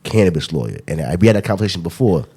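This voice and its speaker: A low-pitched man talks quickly as a podcast host in loose, casual chat. He rambles, laughs often and fills gaps with repeated asides. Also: expressive, mellow, breathy edge. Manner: rambling, laughing, filler-heavy.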